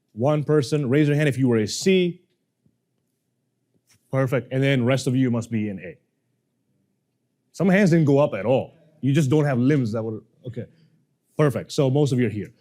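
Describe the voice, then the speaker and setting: Man, workshop coach, playful and animated, addressing a room full of people. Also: mid-range voice. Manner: animated, playful, jokes with audience. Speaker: communication coach. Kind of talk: live workshop teaching. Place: seminar room with audience.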